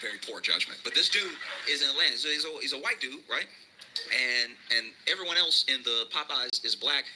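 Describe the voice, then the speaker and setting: A man's voice: medium pitch, expressive, brisk, heavy background noise. A man doing a stand-up comedy routine. He tells a rambling story and often laughs through his own lines.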